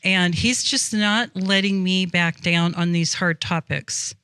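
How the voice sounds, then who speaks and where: A woman's voice: on the low side, slow pace, pushed and bright, smooth. A woman guest on a faith podcast, talking earnestly in a rambling way, with many fillers. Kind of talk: casual faith conversation.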